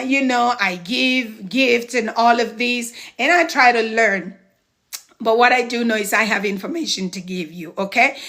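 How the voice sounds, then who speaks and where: A woman's voice: a little high, a bit bright. A middle-aged woman mentoring on a live stream, chatty and encouraging, stopping to thank viewers as she walks through steps. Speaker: home care business mentor. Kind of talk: live-stream advice chat.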